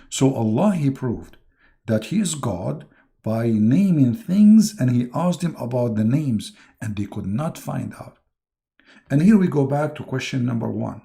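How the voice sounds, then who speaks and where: A man hosting a livestream, giving mocking commentary in a halting way, with many fillers and sudden jumps into put-on voices. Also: mid-range voice, lively intonation, vocal fry, mellow. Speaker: online religious debater and host.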